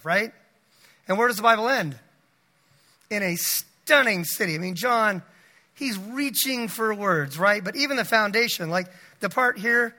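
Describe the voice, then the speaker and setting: High bright-voiced preacher in a reverberant hall. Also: male voice. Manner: animated, emphatic preaching with slow stressed phrases. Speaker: pastor. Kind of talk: sermon. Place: church sanctuary.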